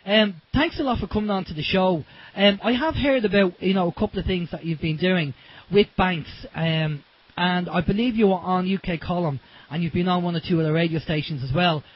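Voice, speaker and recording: A man's voice: high-pitched, brisk, breathy edge. Chatty Irish man hosting radio. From Ireland. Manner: chatty, rambling, many fillers. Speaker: radio show host. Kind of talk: casual radio talk. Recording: dull lo-fi internet radio.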